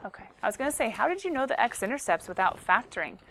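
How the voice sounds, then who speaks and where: A young woman teaching a high school math class, playful and chatty with her students, who she teases as she talks them through problems. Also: very animated, fast talker, fairly bright tone, slight background noise.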